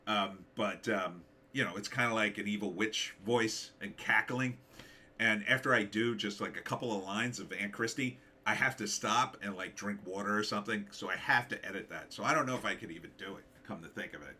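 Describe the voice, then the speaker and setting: A middle-aged man hosts a relaxed livestream, slightly hoarse from a long weekend of talking. He rambles and thinks aloud between comments, humming and trailing off, his fairly low voice carrying a bright, forward edge. A faint hum of noise sits under the recording. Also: a little fast. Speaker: livestream host, author. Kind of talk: casual livestream chat reading comments.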